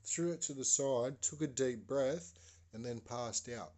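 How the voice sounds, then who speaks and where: A man's voice: mid-range voice, measured pace, darkish tone. A man, a podcast host telling a story in a rambling, hesitant way with many fillers. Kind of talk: casual spoken storytelling.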